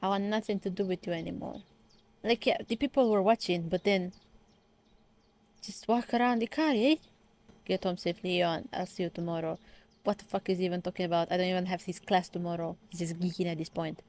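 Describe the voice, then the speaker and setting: A woman's voice: on the low side, steady tone, fairly quick, a little mellow. A woman giving casual, sarcastic reaction commentary on a webtoon, swearing freely and ranting in exasperation.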